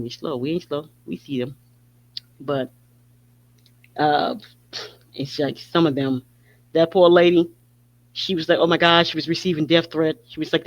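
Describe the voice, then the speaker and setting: A man with a fairly high voice rants through a podcast monologue, swearing freely and hammering the same points over and over. The recording is dull and lo-fi, lacking crispness. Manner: heated, profane, repetitive ranting. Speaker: podcast host. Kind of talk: opinion monologue.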